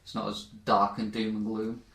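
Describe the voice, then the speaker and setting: A man's voice: lowish voice, monotone, moderate pace, gravelly, fairly bright tone, roomy sound, slight background noise. A man co-hosting a podcast, talking in an easygoing, hesitant way full of ums. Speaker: podcast co-host. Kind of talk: casual chat.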